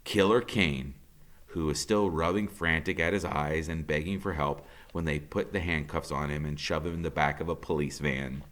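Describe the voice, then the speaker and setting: A man's voice: rumbling low, fairly even intonation, moderate pace, fairly bright tone. A man, a teacher, reading a novel aloud with dramatic storytelling that rises with the action. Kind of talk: novel read-aloud narration.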